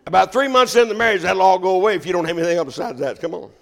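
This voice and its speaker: A man's voice: high voice, very fast, vocal fry, fairly bright tone. An older man preaching a sermon as pastor, folksy and joking.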